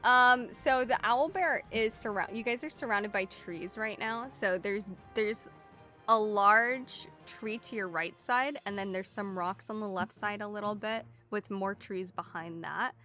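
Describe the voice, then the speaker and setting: A woman's voice: medium pitch, measured pace, pushed and bright, soft background music. A woman running a tabletop game for viewers as game master, easygoing and laughing often.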